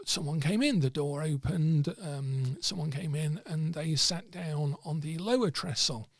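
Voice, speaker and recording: A man tells a long story in a rambling, casual way, often stopping to search for a word. His voice is a little high, gravelly and husky, and it sounds close and dry with almost no room echo. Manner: rambling, with many fillers and restarts. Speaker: host of an occult discussion stream.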